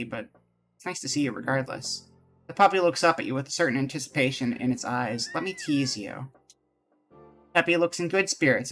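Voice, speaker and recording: A man's voice: a little high, fairly bright tone. A man casually chatting to his viewers while he plays a game and reads its text aloud. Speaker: streamer. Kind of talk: casual live game commentary.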